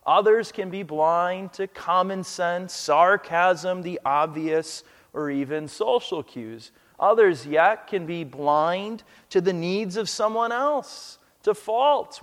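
A man's voice: high-pitched, big-room sound. A man pastor preaching a sermon, telling a story earnestly with touches of light humor.

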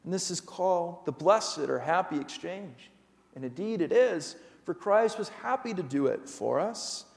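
A man's voice: high voice, lively intonation, a little slow, vocal fry. A man preaching a sermon as pastor, earnest and emphatic, asking his listeners pointed rhetorical questions. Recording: long hall reverb.

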